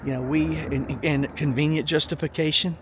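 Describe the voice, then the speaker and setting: A man's voice: fairly high pitch, fairly even intonation, moderate pace, noisy background. A middle-aged man giving casual, rambling money commentary in a vlog, emphatic and folksy, often repeating himself. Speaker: finance vlogger.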